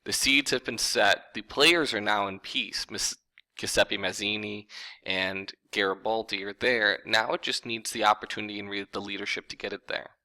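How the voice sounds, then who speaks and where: A man's voice: lowish voice, steady tone, normal speed, pushed and bright, low-quality recording. A man teaching a history lecture in a casual, conversational way, talking straight to his viewers. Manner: conversational, informal, addresses viewers as folks.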